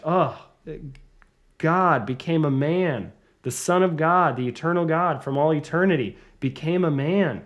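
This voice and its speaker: A man preaching a sermon, earnest, rising to emphatic peaks and then dropping low and soft. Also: lively intonation, measured pace.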